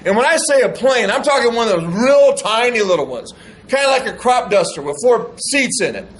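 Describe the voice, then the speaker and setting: A middle-aged man giving an animated storytelling speech to an audience of veterans, acting out the dialogue he recounts. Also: extremely high pitch, fairly quick, poor audio. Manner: animated, acts out quoted dialogue. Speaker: speaker addressing veterans.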